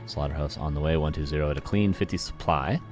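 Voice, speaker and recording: Male esports caster with a very deep voice, chatty play-by-play over game music. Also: fast talker, a little mellow. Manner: chatty, talks to the chat and laughs at himself. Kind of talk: live play-by-play game commentary. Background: game music and sound effects.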